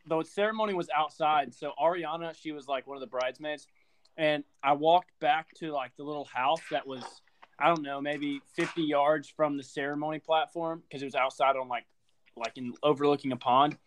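A man's voice: on the high side, fairly even intonation, moderate pace, slight background noise. A man on a podcast telling a funny story in a casual, laughing way. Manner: laughing storyteller, says dude a lot. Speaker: podcast co-host. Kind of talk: casual chat.

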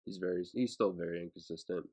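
A man co-hosting a casual sports podcast with a gravelly, husky voice, easygoing and agreeable. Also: sits low, quick pace, dark tone. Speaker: podcast co-host.

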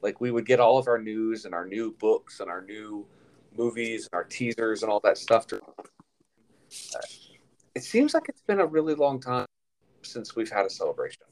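A man with a fairly low voice chats loosely as a podcast co-host. He rambles with lots of ums and restarts, keeping an easygoing conversational flow. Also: expressive, normal speed, darkish tone, low-quality recording. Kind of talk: casual podcast chat.

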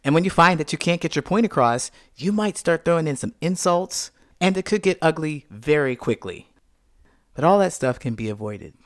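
A man's voice: a little high, moderate pace, dry recording, studio quality. A man giving a talk, weaving in a personal story and acting out a heated argument. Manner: animated, acts out heated arguments.

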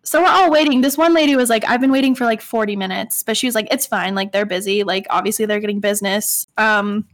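A woman's voice: mid-range voice, fast, hardly any pauses. A young woman casually telling a story on a podcast, full of "I was like" quotes and fillers. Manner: animated, quotes people with "I was like", frequent fillers. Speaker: podcast co-host.

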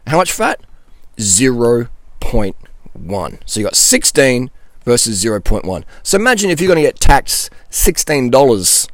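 A man's voice: mid-range voice, big pitch swings, moderate pace, no room sound, studio quality. A middle-aged man, a nutrition coach, answering viewer questions in a blunt, ranting monologue and laughing between points.

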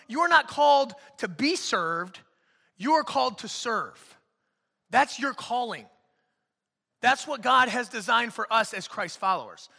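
A man in his thirties preaching a sermon in a church, animated and joking, acting out quotes. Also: very high-pitched, big-room sound. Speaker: pastor. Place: church auditorium.

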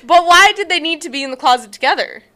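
A young woman co-hosting a podcast, chatting in an animated, bubbly way with lots of laughter. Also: extremely high pitch, fast. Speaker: podcast co-host. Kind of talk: casual chat.

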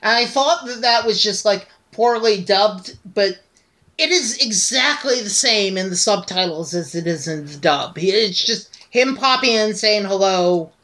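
A woman with a bright, clear voice chats casually on a podcast. She makes wry, skeptical remarks as she talks. Her tone stays conversational and dry. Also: medium pitch, expressive, unhurried. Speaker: podcast co-host. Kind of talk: casual chat reviewing anime.

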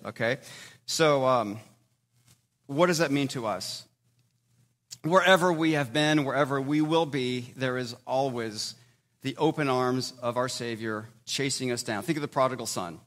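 A man preaching a sermon in a conversational way, with sudden loud emphatic bursts between quieter stretches. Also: mid-range voice, moderate pace. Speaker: pastor.

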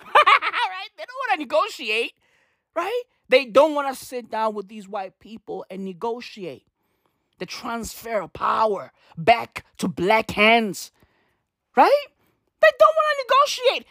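A young man delivering a comedic rant, animated and slangy, swearing and repeating his punchlines. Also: very high-pitched, unhurried, no room sound, clean studio sound. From South Africa. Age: young adult.

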